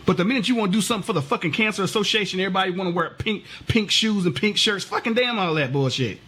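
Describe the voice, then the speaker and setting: Heated husky man ranting. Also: high voice, rapid-fire, fairly bright tone. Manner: heated, profane, rhetorical questions. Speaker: vlogger. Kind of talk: impassioned political rant.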